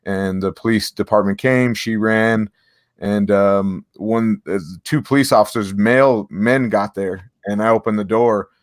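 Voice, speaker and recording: Male co-host, low voice, dry recording, easygoing storyteller. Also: unhurried, no echo. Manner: relaxed, rambling personal storytelling. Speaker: podcast co-host. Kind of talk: casual podcast discussion.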